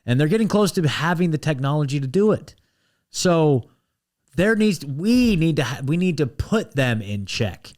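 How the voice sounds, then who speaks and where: A man's voice: fairly high pitch, big pitch swings, normal speed, a little mellow. An American man hosting a commentary show, ranting bluntly with restless restarts and asides. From United States. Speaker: host.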